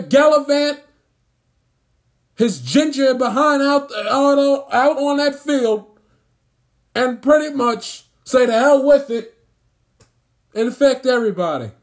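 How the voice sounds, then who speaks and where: A sports commentator delivers an angry rant, indignant and emphatic, repeating phrases to hammer home his points. His voice is very high-pitched with lively intonation, and he takes an unhurried pace.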